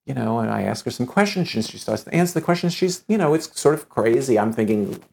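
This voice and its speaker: A man telling a long anecdote in conversation, lively and acting out the dialogue, often restarting his sentences with stammers. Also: mid-range voice, fast, creaky, a little hiss or hum. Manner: lively storyteller who acts out quoted dialogue.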